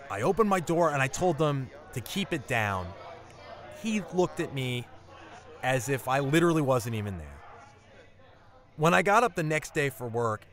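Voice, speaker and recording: A man telling a personal story, wry and animated. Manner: wry, animated storytelling with lively pitch swings. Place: apartment life in New York City.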